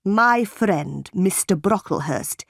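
Storybook aunt: woman reading a harsh middle-aged woman, cold and slow. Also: mid-range voice, expressive, creaky, no echo, studio quality, full character voice.

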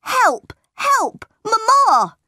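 A woman doing a shrill, bratty boy. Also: very animated, moderate pace, husky, dry recording, clean studio sound. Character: spoiled bullying young boy.

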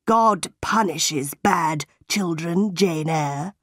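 Storybook villain: woman reading a stern, solemn schoolmaster, slow and dry. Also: on the low side, fairly bright tone, no room sound, voice pushed down, exaggerated voice. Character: stern cruel tall male schoolmaster.

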